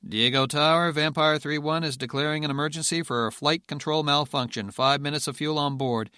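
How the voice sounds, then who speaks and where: A man voicing a stubborn male Air Force general who talks in calm, clipped, determined phrases. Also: on the high side, a little fast, smooth, no echo, clean studio sound, voice pushed up.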